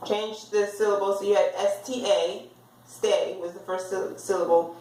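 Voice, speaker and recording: Woman teacher, class lecture, sounds words out slowly, roomy echo, distant mic. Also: medium pitch, steady tone, a little mellow, slight background noise.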